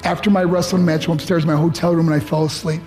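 A man's voice: fairly high pitch, level tone, rapid-fire. A middle-aged man from the United States giving a motivational speech, telling a personal story in an earnest, pleading way. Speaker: motivational speaker. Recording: faint music underneath. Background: soft background music.

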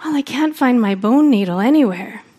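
A woman's voice: on the high side, lively intonation, moderate pace, dark tone, dull audio. A woman voicing a distressed, muddled male coyote in a told story, answering plainly. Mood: flustered.

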